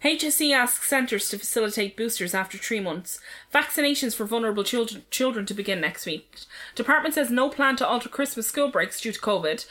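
Bright, higher-voiced woman chatting. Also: expressive, a little fast. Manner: chatty, gossipy, reads headlines aloud. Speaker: podcast co-host. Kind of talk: casual chat.

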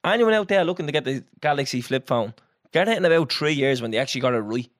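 Quick young lad winding up his mate, dry close mic. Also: mid-range voice, lively intonation, no room sound. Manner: quick, teasing, goading banter. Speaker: podcast co-host. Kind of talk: casual chat.

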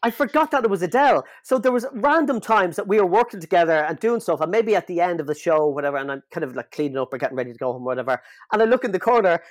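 A man's voice: sits high, lively intonation, rapid-fire, few pauses, dry recording, clean studio sound. An Irish man co-hosting a podcast, chatting casually in a rambling, jokey way full of fillers. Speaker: podcast co-host. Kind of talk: casual chat.

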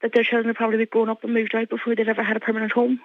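Woman, Donegal Irish accent, middle-aged, earnest and halting, high-ish voice, dry tinny phone line. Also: completely flat delivery, no echo. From Ireland. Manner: earnest, halting, many restarts. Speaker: guest, mother. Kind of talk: emotional phone interview.

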